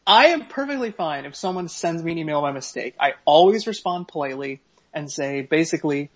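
A man's voice: a little high, animated, fairly quick, fairly bright tone. A man co-hosting a podcast, reading an email aloud with sarcastic, profane, mock-dramatic commentary. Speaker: podcast co-host. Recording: slightly dull lo-fi podcast audio.

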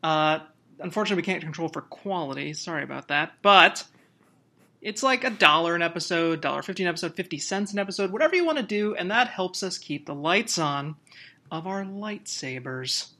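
Bright-voiced joking male podcast host. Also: sits high, lively intonation, a little fast. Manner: laughing, joking, loose plugs. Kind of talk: casual podcast chat.

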